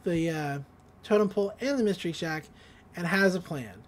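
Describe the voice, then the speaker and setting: A woman hosting a podcast, recapping an episode in a casual, rambling way with many fillers and quick laughs. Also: fairly low pitch, expressive. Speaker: podcast host.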